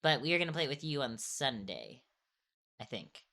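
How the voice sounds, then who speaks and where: A woman's voice: very deep voice, sing-song, moderate pace, bright, forceful tone. A young woman streamer chatting casually, rambling and restarting her sentences with little laughs. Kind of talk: casual chat on an art stream.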